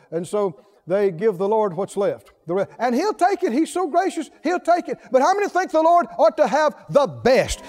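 A man preaching a sermon, emphatic and full of rhetorical questions to the congregation, swinging from soft low asides to loud exhortation. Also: sing-song, moderate pace, few pauses.

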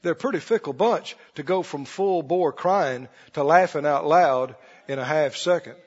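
A man preaching a sermon, swinging between soft asides and loud exclamations. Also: on the high side, normal speed, slightly rough. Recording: reverberant hall, dull lo-fi sound.

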